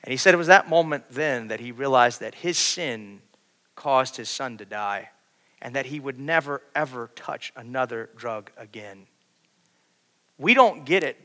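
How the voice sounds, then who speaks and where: A man preaching a sermon, shifting between quiet storytelling and loud, urgent preaching. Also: medium pitch, expressive, a little slow. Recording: long hall reverb.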